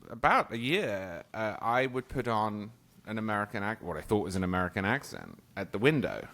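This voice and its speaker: A man's voice: fairly low pitch, big pitch swings, brisk, a bit bright. A man with a posh English accent, a guest chatting casually and telling stories with frequent laughs. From England. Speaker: podcast guest. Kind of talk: casual conversation.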